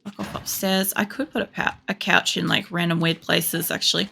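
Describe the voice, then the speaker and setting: Gravelly Australian woman gaming. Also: fairly low pitch, fairly even intonation, moderate pace, sharp tone, a little hiss or hum. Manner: rambling, chatty, swears freely. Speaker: game streamer. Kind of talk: casual chat while playing. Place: home computer setup.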